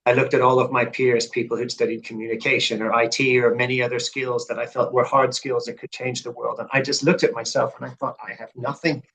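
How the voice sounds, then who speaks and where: A man's voice: mid-range voice, flat delivery, fairly quick, vocal fry, hardly any pauses, a bit bright, low-quality recording. A middle-aged man, a podcast guest, telling his story in an earnest, reflective way that builds to fervent emphasis. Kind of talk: conversational interview storytelling.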